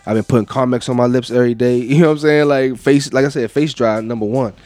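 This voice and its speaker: A man's voice: mid-range voice, fairly even intonation, fast talker, darkish tone, dry recording, soft background music. Rambling, profane middle-aged man storyteller. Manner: loose, rambling storyteller with frequent profanity and fillers. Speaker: podcast co-host. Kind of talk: casual storytelling chat.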